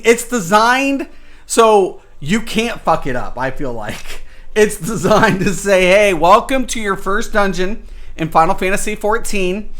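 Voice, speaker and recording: A man's voice: high-pitched, fairly bright tone. A man streaming a game, venting in a rambling, exasperated way and often breaking into laughter. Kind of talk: casual live-stream chat.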